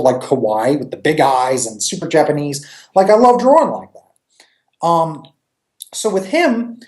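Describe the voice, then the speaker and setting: A man from New York, a comic creator, chatting in a casual interview with a joking, animated manner and free swearing. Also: fairly high pitch, roomy sound.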